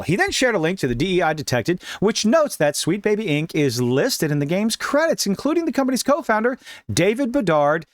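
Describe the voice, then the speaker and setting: A man giving sarcastic, emphatic gaming news commentary with dramatic pauses. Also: high-pitched, big pitch swings, no echo. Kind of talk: opinionated online commentary.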